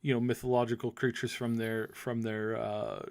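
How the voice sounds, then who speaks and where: A man's voice: medium pitch, level tone, normal speed, vocal fry, a little mellow. A man co-hosting a casual podcast, talking at length with frequent restarts and fillers. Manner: rambling, many restarts and fillers. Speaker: podcast co-host.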